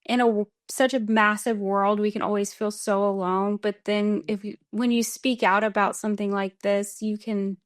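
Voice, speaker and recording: A woman's voice: mid-range voice, moderate pace, few pauses. A woman from Texas with an American accent, a runner telling stories as a guest in a casual podcast interview and laughing often. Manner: chatty, laughs often, animated storytelling.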